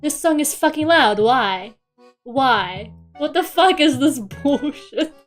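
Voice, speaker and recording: Young woman streamer, high voice, grumbling, swearing, giggly, faint music behind. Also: lively intonation, slow. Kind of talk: casual chat while drawing.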